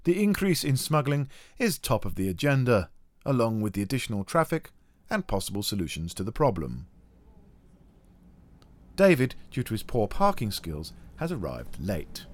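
Male deadpan narrator, mid pitch, very wide pitch swings. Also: moderate pace, no room sound. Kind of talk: scripted comedy narration.

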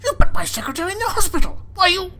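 A woman's voice: mid-range voice, very animated, pushed and bright, husky, exaggerated voice. A woman doing a pompous, raging male commander. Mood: furious. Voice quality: entitled and quick to rage. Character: pompous, hot-tempered male station commander.

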